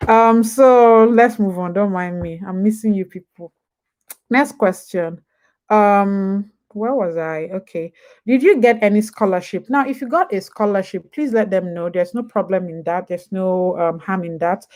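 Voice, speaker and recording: A woman's voice: medium pitch, a little slow, darkish tone. A young woman with a Nigerian accent hosting a casual live stream with advice, chatty and digressive, jumping back and forth between topics. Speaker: host.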